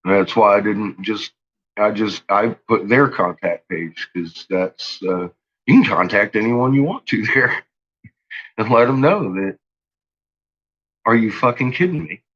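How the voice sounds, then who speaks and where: A man's voice: on the low side, measured pace, fairly bright tone, dull audio. A man vlogging an angry rant to his viewers. He swears constantly and stumbles through restarts. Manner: agitated, profane, stumbling restarts.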